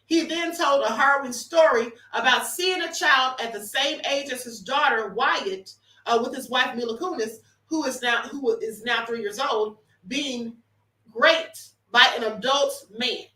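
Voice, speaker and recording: A woman with a bright, sharp, high voice talks to her viewers in a casual commentary stream, emphatic and addressing them as honey. She sounds set back from the mic in an echoey room. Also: unhurried, recorded from a distance. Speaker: livestream host. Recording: roomy echo, off-mic.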